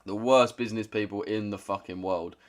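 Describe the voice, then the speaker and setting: A young man with a London accent talks casually to his livestream chat, blunt and full of slang. His voice sits a little low, and he swears freely as he answers viewers. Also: fairly even intonation, a little fast, soft background music. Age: 20s. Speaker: trading streamer.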